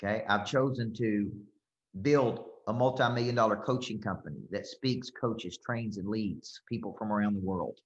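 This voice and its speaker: A business coach leads a group, his voice on the low side and his pace normal. He speaks with emphasis and keeps checking in with "okay?" and "right?". The recording sounds roomy and a bit dull.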